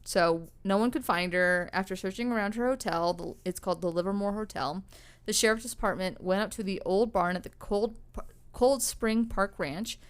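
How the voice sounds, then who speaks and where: A woman's voice: mid-range voice, moderate pace, smooth. A young woman co-hosting a podcast, telling a story in a loose, rambling way, with lots of fillers and casual swearing. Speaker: podcast co-host.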